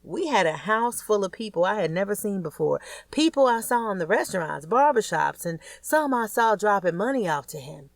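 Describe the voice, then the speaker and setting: A woman's voice: medium pitch, sing-song, moderate pace, few pauses, no room sound. A woman narrating a first-person audiobook in a blunt, crude, streetwise way.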